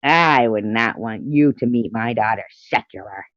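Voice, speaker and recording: A woman's voice: very deep voice, measured pace, hardly any pauses, no room sound. A middle-aged woman hosting a casual livestream, reading chat messages aloud, giggling often and swearing freely. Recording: dull lo-fi home stream audio.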